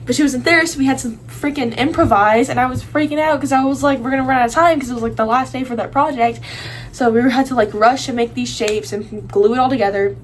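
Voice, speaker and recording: A woman's voice: fairly high pitch, brisk, poor audio. Teen girl ranting about her friends, rambly, tons of likes, bit of background hiss. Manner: rambling, full of likes and restarts. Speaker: vlogger. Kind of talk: casual rant to camera.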